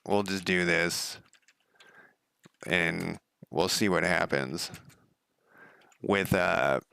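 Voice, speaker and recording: A man's voice: low-pitched, very slow, vocal fry, pushed and bright, clean tone, no echo. A middle-aged man giving casual, rambling commentary as he codes a game, talking to himself and laughing at his own slips. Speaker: game developer streaming his coding. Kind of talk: casual live coding commentary.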